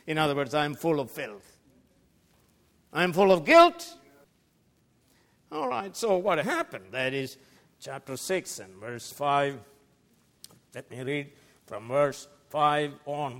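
A man preaching a sermon as pastor, emphatic, swinging between loud declarations and quiet asides. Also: fairly high pitch, lively intonation, measured pace, long pauses. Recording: long reverb of a large hall.

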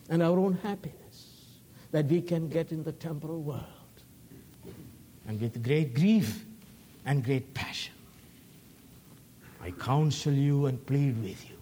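A man preaching a sermon with passion, swinging from loud cries to hushed whispers. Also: a little high, a little hiss or hum.

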